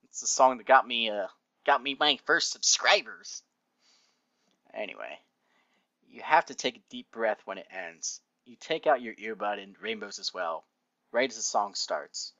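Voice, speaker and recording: A man's voice: fairly low pitch, animated, measured pace, pushed and bright, no echo, highs cut off. A man reading fan fiction aloud and breaking off into sarcastic, laughing asides.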